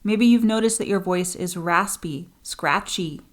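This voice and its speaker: A woman's voice: on the low side, unhurried. A woman voice coach hosting a teaching podcast, talking straight to her listeners and changing her pace for emphasis. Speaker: voice and speaking coach.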